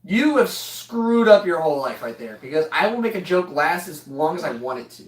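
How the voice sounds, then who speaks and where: A man's voice: a little high, very animated, moderate pace. A young man rambles through a funny story, joking and laughing as he goes. His voice sits in a roomy space, picked up from a distance rather than close to the mic. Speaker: vlogger telling a story.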